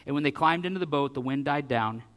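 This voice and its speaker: Male pastor, animated sermon delivery, light voice, acts out the scripture dialogue. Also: a little high, fast talker. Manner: animated, acting out scripture dialogue with big swings in loudness.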